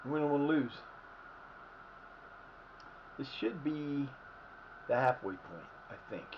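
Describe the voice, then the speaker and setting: This man's voice is hoarse and fading, fairly high in pitch, with lively intonation and a slow pace. He streams gameplay from home, drifting between talk of the game and his day and cursing freely at his players, over slightly muffled audio with a faint hiss.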